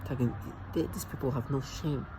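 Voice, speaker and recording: A man's voice: medium pitch, normal speed, mellow, slight background noise, poor audio. A man vlogging alone in a rambling, agitated and mocking rant, often stumbling and restarting his sentences. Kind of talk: rambling monologue to camera.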